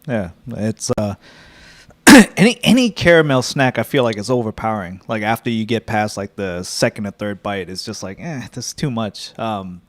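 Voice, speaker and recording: A man's voice: on the low side, lively intonation, dry recording. Laid-back man on a snack podcast. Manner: laid-back, easygoing, quick to laugh. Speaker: podcast co-host. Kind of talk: casual snack-tasting chat.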